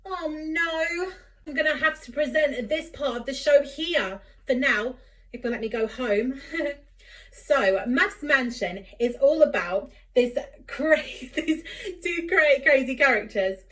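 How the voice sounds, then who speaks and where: A woman's voice: sits high, a little slow, a bit bright. A woman chatting in a casual vlog, giggly and filling her talk with "like". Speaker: YouTuber.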